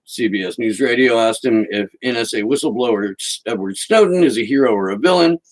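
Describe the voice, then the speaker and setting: A man's voice: mid-range voice, fairly quick, poor audio. A man hosting a podcast, giving sarcastic, mocking political commentary and reading quotes aloud. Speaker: podcast host.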